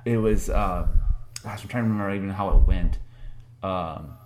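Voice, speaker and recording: A man's voice: low-pitched, moderate pace, slight background noise. A man telling a story in casual chat, hesitant and full of fillers. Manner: hesitant, many fillers and likes.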